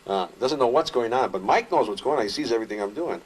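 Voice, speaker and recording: A man casually recounting his own story in an interview, rambling with fillers and restarts, animated when telling action. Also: mid-range voice, fast talker, slightly rough.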